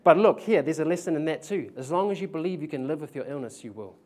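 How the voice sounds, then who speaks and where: A man's voice: on the high side, animated, fast, a little mellow. Young kiwi preacher guy telling a healing story, slangy, laughs a lot. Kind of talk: testimony sermon.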